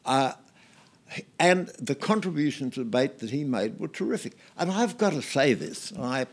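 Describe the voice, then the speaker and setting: An older Australian man, a guest in an interview, telling anecdotes in a relaxed way with many fillers and restarts. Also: mid-range voice, normal speed.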